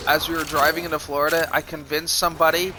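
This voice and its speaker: A man telling a story on a live stream, swearing often in a loose, animated way. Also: on the high side, fast, noisy background. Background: music.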